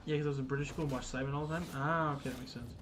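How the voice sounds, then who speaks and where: A man's voice: mid-range voice, fairly even intonation, rapid-fire, background noise. A man hosting a casual gaming livestream, chatting loosely with viewers, swearing and stumbling over restarts and fillers. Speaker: livestream host.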